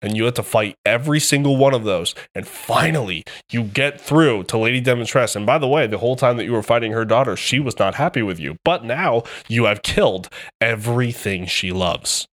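A man co-hosting a casual podcast chat. He tells excitable stories that are full of swearing. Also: mid-range voice, a little fast. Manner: excitable, profane storytelling. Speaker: podcast co-host.

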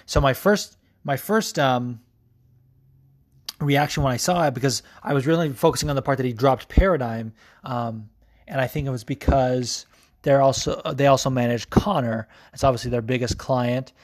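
A man's voice: mid-range voice, normal speed. A young man hosting a podcast, chatting casually through sports news with lots of ums, restarts and offhand swearing. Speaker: podcast host.

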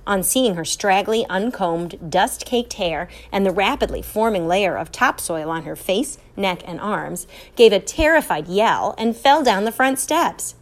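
A woman reading a children's story aloud, with an expressive storytelling lilt. Her voice sits at an average pitch for a woman. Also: a little slow, few pauses. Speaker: reader.

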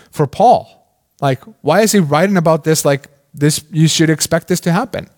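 A man delivers a sermon in a relaxed, conversational way. His voice sits a little high for a man, and he keeps stopping to ask questions, with plenty of "like" along the way. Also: normal speed. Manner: conversational, questioning, with many "like" fillers. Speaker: pastor.

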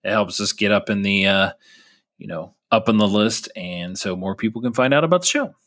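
A man's voice: fairly low pitch, brisk, a bit bright, dry recording, studio quality. A man co-hosting a podcast, talking casually and loosely with lots of fillers. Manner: loose and chatty, many fillers. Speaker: podcast co-host.

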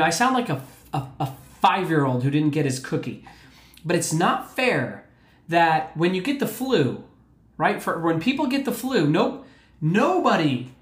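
Male podcast host, earnest and emphatic, keeps checking in with listeners; roomy echo on the recording. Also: high-pitched. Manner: emphatic, repetitive, checks in with "okay?". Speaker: mental health podcast host. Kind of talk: earnest motivational talk. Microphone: podcast mic.

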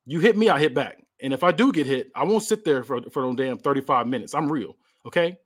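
A man's voice: medium pitch, lively intonation, a little fast, close to an everyday voice. A man voicing a brash, tough male wrestling referee who talks bluntly. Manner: blunt, streetwise.

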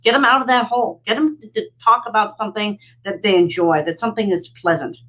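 A woman's voice: medium pitch, fast talker, fairly bright tone, poor audio. A woman guest in a casual chat, speaking bluntly and wryly in a matter-of-fact way.

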